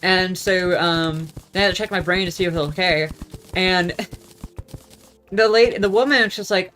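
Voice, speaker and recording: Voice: mid-range voice, normal speed, a bit bright. A young adult vlogger telling a story in a casual, profane, rambling rant that keeps losing its thread. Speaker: gaming vlogger.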